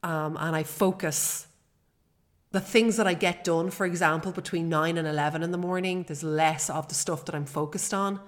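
A woman in her forties talks through a personal podcast episode, sincere and chatty, with the odd "um" along the way. Her voice sits a little low for a woman. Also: fairly even intonation, normal speed. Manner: warm, earnest and chatty, with fillers. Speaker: podcast host.

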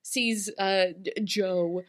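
Animated woman recapping with playful voices. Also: mid-range voice, extremely slow. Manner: animated, acts out scenes in voices, laughs often. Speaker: podcast co-host. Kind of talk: casual recap chat.

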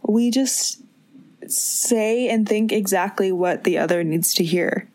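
A woman's voice: medium pitch, slow, a little mellow. A young woman co-hosting a podcast, earnest and playful in casual chat, laughing easily. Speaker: podcast co-host.

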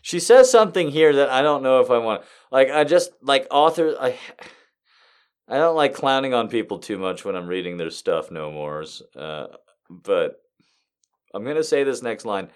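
A man reading a story aloud in a hushed voice and breaking off for rambling, laughing comic commentary. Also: mid-range voice, lively intonation, normal speed, smooth. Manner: rambling, laughs a lot, mock-exasperated. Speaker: reader and commentator.

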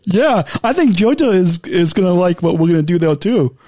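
High, lively man who laughs a lot. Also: normal speed, no echo. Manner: laughs often, playful and teasing. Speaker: podcast co-host. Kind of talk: casual chat.

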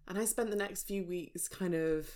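A woman's voice: on the low side, moderate pace, a little mellow. A woman from England talking openly to her viewers about a hard stretch of her life, in a raw, reflective and searching way. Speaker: spiritual vlogger. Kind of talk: personal storytelling to viewers.

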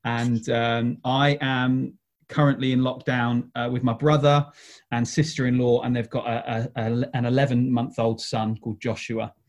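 A man's voice: mid-range voice, flat delivery, normal speed. A man who runs a youth YouTube channel, chatting in a good-humoured, easygoing way as a podcast guest. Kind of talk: casual podcast chat.

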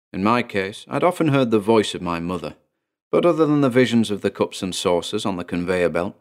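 A man narrating his own first-person horror story in a measured, deliberate way, slowing down on key phrases. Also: deep voice. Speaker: narrator and author.

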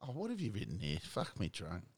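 Deep aussie bloke, swears a lot, teasing his mate, voice swings up and down. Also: huge pitch swings, fairly quick, slightly rough. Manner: blunt, swearing, mocking banter. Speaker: co-host. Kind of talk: casual sports chat.

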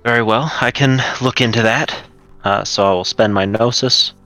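A man's voice: mid-range voice, fairly even intonation, moderate pace, sharp tone, faint music behind. A man playing a tabletop game, casual, thinking aloud. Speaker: player. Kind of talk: tabletop role-play chat.

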